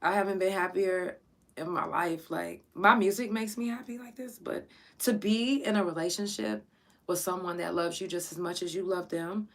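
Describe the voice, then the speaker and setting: A woman's voice: fairly low pitch, normal speed. A woman hosting her own podcast, talking in a casual, emotional monologue, swearing freely and close to tears. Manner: profane, excitable, close to tears. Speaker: podcast host.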